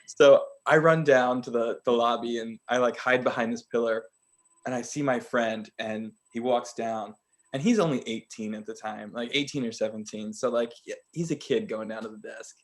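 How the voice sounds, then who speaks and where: A man co-hosting a podcast who tells a story in a casual, animated way and laughs often. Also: mid-range voice, normal speed. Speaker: podcast co-host.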